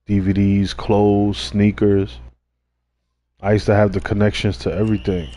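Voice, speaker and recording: A young man tells an old street story in a relaxed, unhurried way. His voice sits a little low, and his talk is full of slang and swearing. He turns lively whenever he acts out what someone else said. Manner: laid-back street slang, swearing, animated when quoting others. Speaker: streamer. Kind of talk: casual storytelling.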